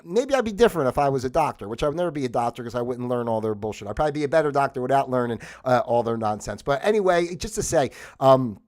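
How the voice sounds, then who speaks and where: A man's voice: mid-range voice, expressive, quick pace, few pauses, darkish tone. A man hosting a livestream, talking in a rambling, conversational way and getting worked up and exasperated, with laughs between his points. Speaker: livestream host. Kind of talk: casual monologue. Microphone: livestream microphone.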